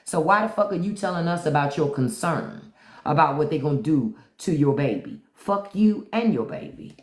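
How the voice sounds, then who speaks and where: Profane ranting livestream host, lively pitch, roomy echo. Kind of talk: unscripted live-stream commentary.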